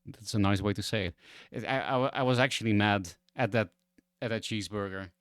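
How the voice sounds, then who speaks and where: A man's voice: lowish voice, steady tone, a little fast, a bit bright, no room sound, studio quality. A young man from the Netherlands with a Dutch accent, chatting and ranting casually as a streamer, swearing and exasperated.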